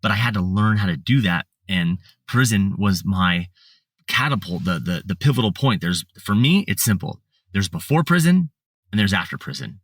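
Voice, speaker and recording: Low-voiced man rambling through his story. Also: lively intonation, moderate pace, no echo. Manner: rambling, many fillers and restarts. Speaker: podcast guest. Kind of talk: casual storytelling interview. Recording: slightly distant mic, dry sound.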